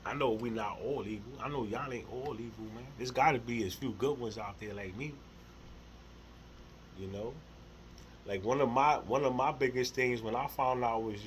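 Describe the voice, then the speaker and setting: A middle-aged man talks to camera about spirituality in a loose, rambling way, tripping over repeated words and swearing freely. He sounds earnest, with soft laughs between thoughts, and his voice sits at an ordinary middle pitch. A faint hiss of background noise runs under the recording. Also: normal speed, poor audio. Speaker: spiritual vlogger. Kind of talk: casual spiritual monologue to camera.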